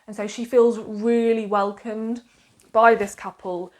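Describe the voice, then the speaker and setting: A woman's voice: on the high side, flat delivery, a little slow, a little mellow. Chatty Suffolk-accented woman reviewing books. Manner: chatty, enthusiastic, hedging with frequent fillers and restarts. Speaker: book reviewer. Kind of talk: casual book review to camera.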